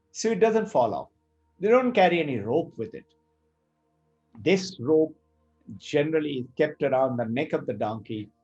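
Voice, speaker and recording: A middle-aged man teaching Vedanta, telling a story in an animated way and acting out the characters' lines. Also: a little high, husky, dull audio. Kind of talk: spiritual talk with storytelling.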